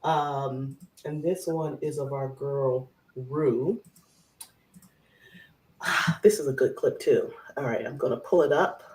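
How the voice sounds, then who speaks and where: A man hosting a casual fan chat, relaxed and agreeable. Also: medium pitch, slow pace, pauses often. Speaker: host. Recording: echoey room.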